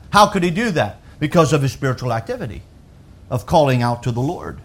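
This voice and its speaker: A male pastor preaching a sermon, slowing down to quote scripture and swinging between loud emphatic peaks and quiet, low passages. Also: very animated, slightly rough. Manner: emphatic preaching that rises to shouts and drops to soft lows; quotes scripture in a slow, deliberate voice.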